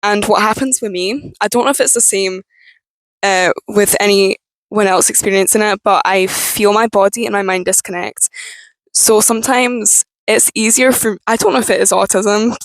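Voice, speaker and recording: A young woman with a strained, tense voice, talking candidly and with plenty of swearing to camera, with halting restarts. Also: mid-range voice, fairly even intonation, dry recording, low-quality recording. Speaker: vlogger. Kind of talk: candid personal talk to camera.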